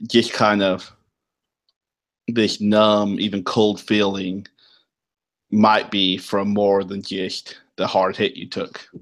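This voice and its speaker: A man runs a tabletop game, describing the world to his players at a slow, deliberate pace. His voice sits on the lower side, and he fills gaps with plenty of ums and uhs as he thinks aloud. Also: flat delivery. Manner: unhurried, filler-heavy explaining. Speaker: game master.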